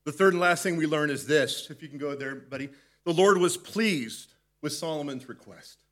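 A man's voice: a little high, a bit bright. A man leading a devotional Bible teaching in a conversational way, often restarting his sentences. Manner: conversational, halting with repeated restarts. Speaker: pastor.

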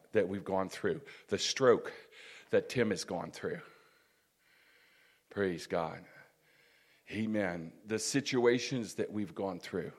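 A man preaching in a church, his voice sitting a little low. He delivers the sermon in a preacherly way, dropping in "praise God" and "amen" between phrases and letting his volume swell and fall as he builds each point. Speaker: pastor. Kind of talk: sermon and closing prayer.

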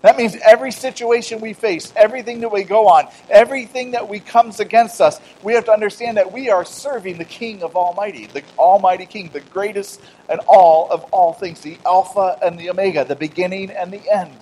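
A middle-aged man preaching a conversational sermon, swinging from loud emphatic declarations to quiet storytelling with self-deprecating humor and acted-out dialogue. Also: high voice, a little fast, few pauses, husky, low-quality recording. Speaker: pastor.

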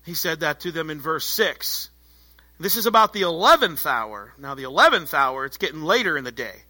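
A man preaching a sermon as pastor, animated and conversational, joking with the congregation. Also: a little high, moderate pace.

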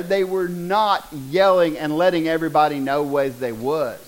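A middle-aged man preaching a sermon, joking and building to loud bursts. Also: fairly high pitch, normal speed, few pauses, poor audio. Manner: animated, joking, preaching with rising bursts and laughter.

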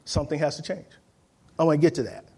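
A husky, high-voiced pastor delivers an energetic sermon, pressing every point and inviting the congregation to call back. He briefly mimics the people he quotes, then resumes plain, forceful preaching.

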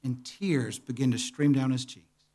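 A man's voice: mid-range voice, fairly even intonation, a little slow. A man preaching a sermon, telling a story vividly and acting out the dialogue. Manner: quiet, earnest. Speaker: pastor.

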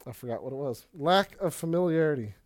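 A man preaching a sermon in a casual, energetic way, with quick asides and Bible readings. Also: a little high. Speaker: pastor.

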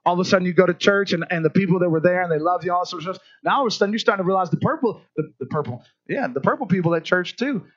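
A male pastor with a notably high, fairly bright voice rushes through his sermon very fast with hardly any pauses, keeping it loose and conversational. He often restarts sentences and turns to the congregation with "right?", all on a dull, lo-fi recording.

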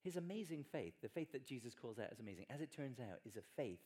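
A man's voice: mid-range voice, big pitch swings, quick pace, mellow. A man preaching a sermon in a conversational, emphatic way with wry asides.

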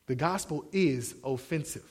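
A young man preaching a sermon, animated, acting out the quotes he shouts. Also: a little high, moderate pace. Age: young adult. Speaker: pastor.

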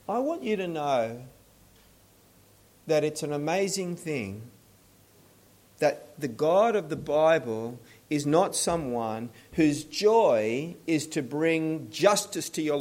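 A man preaching a sermon in an earnest voice, often restarting his words and dropping to a hushed tone. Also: a little high, animated, takes it slowly. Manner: earnest, stumbling restarts, pleading then hushed. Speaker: pastor.

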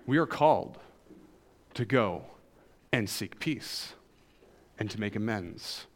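A man's voice: on the low side, slow pace. A male pastor with a Southern US accent preaching a sermon, joking with the congregation. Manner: animated, jokes with the congregation.

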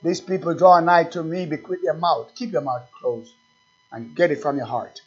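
A male pastor with a high voice preaches a sermon, pressing his listeners with rhetorical questions and climbing in fervor. The recording sounds dull and lo-fi. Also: normal speed, husky.

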